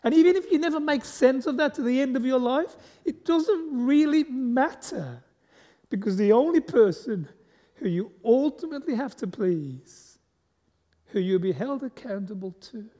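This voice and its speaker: A man's voice: very high-pitched, dark tone. A man preaching as a guest speaker in a chatty way, asking the congregation questions and joking at his own expense. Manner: conversational, asks the congregation questions, self-deprecating humour. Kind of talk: sermon. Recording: long echo of a large hall.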